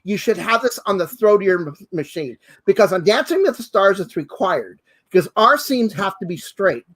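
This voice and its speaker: High, lively man gushing over sewing tools. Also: moderate pace. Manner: exuberant, exclaims and repeats "fabulous" and "hello". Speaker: costume designer and co-host. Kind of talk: enthusiastic product demo chat.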